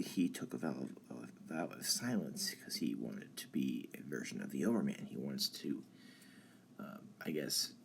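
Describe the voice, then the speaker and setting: A young man hosting a live stream, talking through ideas in a halting way with many ums and restarts. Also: extremely low pitch, gravelly, slight background noise. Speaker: channel host. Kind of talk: casual philosophy talk on a live stream.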